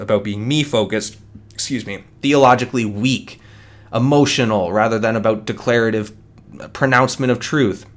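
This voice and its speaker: Earnest man ranting on his podcast. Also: mid-range voice. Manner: earnest, conversational, many restarts. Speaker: podcast host. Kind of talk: solo opinion podcast monologue.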